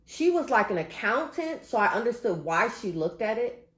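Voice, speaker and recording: A woman's voice: fairly high pitch, very animated, normal speed. A grown woman talking straight to her viewers, venting in emphatic casual commentary. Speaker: vlogger. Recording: roomy echo.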